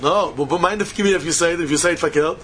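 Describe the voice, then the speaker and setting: A Talmud teacher speaks quickly in a fairly high, fairly bright voice. His lecture has a sing-song lilt, mixes Yiddish and Hebrew terms, and climbs into questions.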